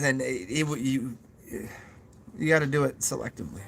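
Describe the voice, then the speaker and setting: A man hosting his own channel, talking through thoughts in a loose live chat, halting with fillers and restarts and tossing in goofy self-mocking asides. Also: mid-range voice, lively intonation, vocal fry, a bit bright, a little hiss or hum. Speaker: channel host. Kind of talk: rambling live chat with viewers.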